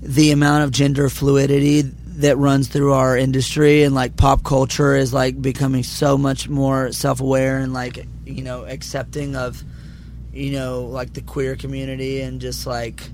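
Young male musician guest, hushed and a bit raspy after a show, casual and rambling. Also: mid-range voice, completely flat delivery, moderate pace, slight background noise. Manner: speaking quietly, filler-heavy. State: slightly raspy from performing. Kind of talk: casual interview chat. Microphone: handheld mic held close.

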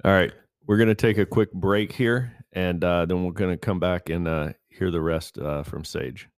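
Podcast host, man, low smooth voice, dry sound, easygoing. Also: moderate pace, no room sound. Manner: relaxed, uses fillers, leads the talk. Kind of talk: casual chat.

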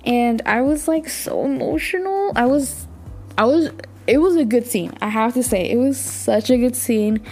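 A woman's voice: a little high, lively intonation, normal speed, warm tone, faint music behind. A woman hosting a podcast, recapping a drama in a casual, gushing way and thinking aloud as she talks. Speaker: podcast host.

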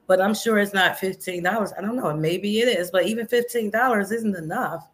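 A woman's voice: mid-range voice, fairly quick, low-quality recording. Impassioned woman repeating rhetorical questions. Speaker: activist host of a live stream. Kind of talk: casual impassioned monologue.

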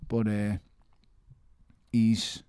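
A man with a Liverpool accent in casual interview chat, telling stories in an animated way and often saying "mate". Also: lowish voice, extremely slow, a little hiss or hum. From Liverpool, England. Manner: animated storytelling, frequent "mate", laughs. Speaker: interviewee, professional boxer.

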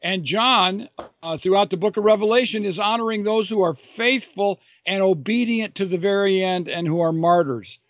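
A man with a somewhat high voice explains his views earnestly and thoughtfully, stressing key words and often restarting or repeating a phrase. The recording is dull and lo-fi with a dry, close sound. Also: moderate pace, fairly bright tone, no room sound. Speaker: author and Bible teacher answering a listener's question.

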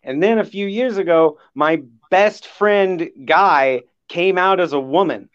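A man guesting on a casual podcast, talking earnestly and emotionally with many halting restarts. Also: high voice, smooth, dull audio.

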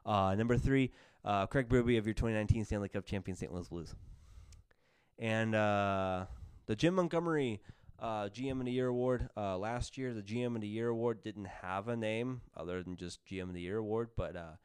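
A man with a lowish, very smooth and clear voice talks through an awards list on a podcast. He rambles and corrects himself often. The sound is dry and close, with no room to it. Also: moderate pace, dry recording. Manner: rambling, lots of fillers and self-corrections. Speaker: podcast host. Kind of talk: casual sports podcast chat.

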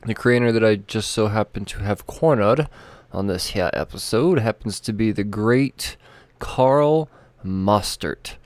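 A man hosts a podcast from a small studio room, talking casually with plenty of fillers and easy laughs. His voice sits on the low side, and the sound is dry with little room echo. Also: a little slow. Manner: chatty, laughing, lots of fillers. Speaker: podcast host.

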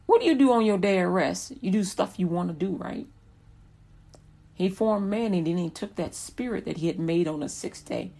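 A woman's voice: lowish voice, expressive, moderate pace, gravelly, mellow, poor audio. A woman preaching a sermon with rhythmic repetitions that build in intensity.

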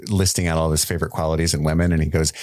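A man's voice: a bass voice, flat delivery, very fast, a little mellow. A man co-hosting a casual podcast chat, playful and joking, laughing often. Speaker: podcast co-host.

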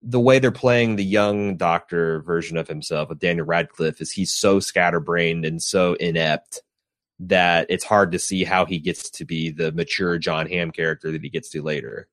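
Rambling low-voiced man chatting. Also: steady tone, moderate pace, a bit bright, no echo, studio quality. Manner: rambling, filler-heavy, swears casually. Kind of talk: casual chat about TV shows.

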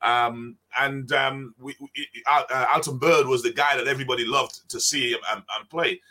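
A bright, forward-sounding voice belongs to this older man. He is a former basketball player who tells stories in a relaxed conversational way, slipping into the voices of the people in them. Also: mid-range voice, normal speed. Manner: animated, acts out dialogue in the stories. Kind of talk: conversational storytelling.

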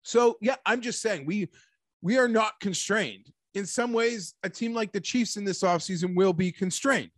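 A man hosting a casual sports talk show, animated and rambling, talking like an emphatic fan. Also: sits high, moderate pace, no echo, studio quality. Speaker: sports podcast host.

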